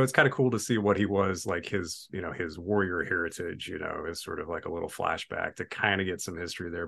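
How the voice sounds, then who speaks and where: A man with a slightly low voice leads a loose, casual movie discussion. He rambles along with plenty of fillers and slips into quoting characters as he talks. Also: vocal fry, fairly bright tone. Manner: rambling, full of fillers and acted-out quotes. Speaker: podcast host.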